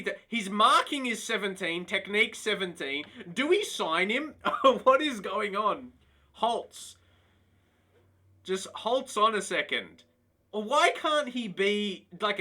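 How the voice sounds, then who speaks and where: A man live-streaming a football management game, chatting to his viewers and exclaiming in disbelief. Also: sits high. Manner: excitable, talks to chat, laughs and exclaims in disbelief. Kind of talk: casual live-stream commentary.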